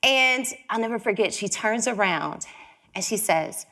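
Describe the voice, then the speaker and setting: A woman from Chicago giving a storytelling talk, lively and acting out the voices she quotes. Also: mid-range voice, a little slow. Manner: animated, acts out quoted voices.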